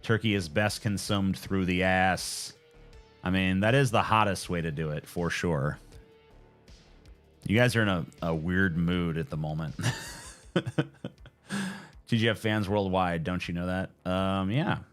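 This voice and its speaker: A man's voice: low voice, measured pace, pauses often, soft background music. A man in his twenties chatting casually on a live stream, joking and swearing as he answers viewers. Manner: joking, profane, laid-back.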